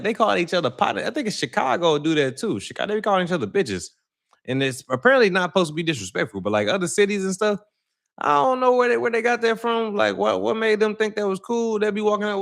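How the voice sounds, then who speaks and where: A man's voice: high voice, fairly bright tone. Young guy from st louis on a livestream, loose slangy chat, keeps saying you know what im saying. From Saint Louis. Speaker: livestream host. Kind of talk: casual livestream chat with viewers.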